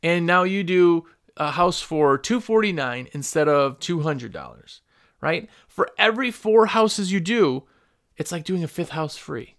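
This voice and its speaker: A man with a fairly high, fairly bright voice hosts a podcast for window cleaners from a microphone at his computer, rambling casually through business advice and acting out customer calls.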